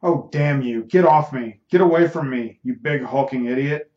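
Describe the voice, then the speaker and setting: A bossy, teasing young woman from an amateur audiobook, as a male reader puts her on. Her lines come in a middle-pitched voice, lightly lifted, and sound echoey and dull on a lo-fi recording. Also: normal speed, darkish tone, close to an everyday voice. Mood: angry.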